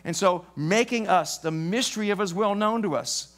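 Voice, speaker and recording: A man's voice: sits high, moderate pace, fairly bright tone. A male pastor preaching a live church sermon, stopping often to quiz the congregation with fill-in-the-blank questions.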